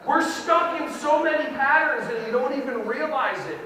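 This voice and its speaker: A man giving a lively educational keynote to an audience, with a playful, animated delivery that acts out kids and parents. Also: very high-pitched, moderate pace, crowd noise. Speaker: keynote speaker. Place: large hall with audience. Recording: echoey hall recorded from far off.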